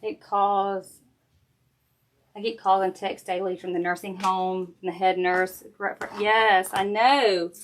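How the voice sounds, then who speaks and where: A middle-aged woman with a drawl talks folksy and chatty, working with her hands and calling out to viewers as she goes. Her voice sits at an ordinary middle pitch. A faint hiss and a few clicks sit under the recording. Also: steady tone, takes it slowly. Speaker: crafting livestream host. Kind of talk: casual craft demo chat with viewers. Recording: faint background noise and clicks.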